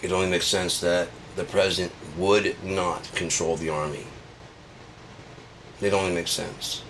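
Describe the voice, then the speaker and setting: A man rants in a sarcastic, swearing comedy monologue that keeps building. His voice is bright and forward and sits a little low, and a faint ambience hums behind him. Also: level tone, a little slow, a little hiss or hum. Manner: sarcastic, profane, escalating. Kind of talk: profane comedic rant.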